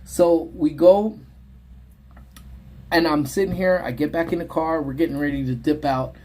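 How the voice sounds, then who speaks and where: A man hosting a livestream from his parked car, casually telling a story to his chat and acting out the people in it with high yelps. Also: normal speed. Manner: animated, voices quoted people in high yelps. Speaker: livestream host.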